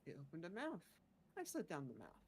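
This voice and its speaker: A blunt, curious young adventurer woman, played by a woman at the table. She talks in short, plain, deliberate statements with a lively, swinging pitch and a somewhat low voice, like a character in a tabletop game. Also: breathy edge, full character voice. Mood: matter-of-fact.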